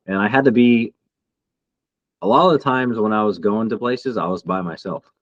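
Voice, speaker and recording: A man co-hosting a podcast, a military veteran speaking in a reflective, halting way in casual chat. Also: fairly low pitch, animated, lo-fi sound.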